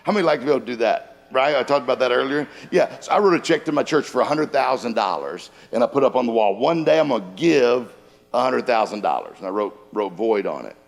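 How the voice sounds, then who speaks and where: A man's voice: mid-range voice, lively intonation, fast, vocal fry. A man giving a humorous motivational seminar talk in a church auditorium, telling anecdotes and jokes. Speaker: motivational speaker. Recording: long hall reverb from a large room.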